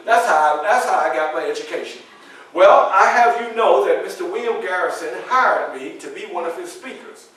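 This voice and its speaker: A man performing a first-person historical story, addressing a live audience as a lively storyteller. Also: sits high. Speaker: historical reenactor. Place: public library event room. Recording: echoey room from far off.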